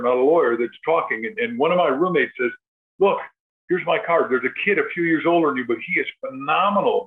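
An older man tells his story as a guest author, animated and motivational, leaning on catchy repeated phrases. His voice sits at a middling pitch. The sound is thin and boxy, as if it came over a telephone line. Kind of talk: storytelling in a podcast interview. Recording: tinny phone-like line.

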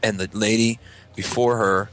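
A man in his thirties with a Midwestern American accent, co-hosting a casual podcast and telling animated stories full of swearing and shrill falsetto impressions. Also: moderate pace, soft background music. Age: 30s. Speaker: podcast co-host. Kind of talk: casual storytelling chat.

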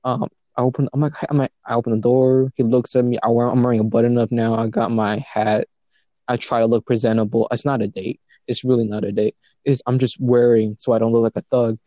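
A man's voice: medium pitch, flat delivery, a little fast, dark tone, no echo, muffled recording. A young man from Los Angeles telling a rambling, profane story in casual chat, laughing often.

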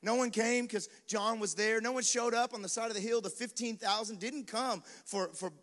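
A male pastor preaching a sermon in a lively, conversational style, with quick acted asides and dares to the congregation. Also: high voice. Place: large venue with live congregation. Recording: long hall reverb.

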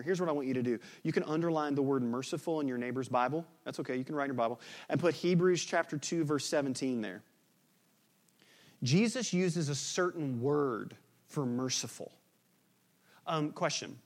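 A man preaching a sermon as pastor, swinging between loud emphatic bursts and quiet, hushed lines. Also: fairly high pitch, moderate pace.

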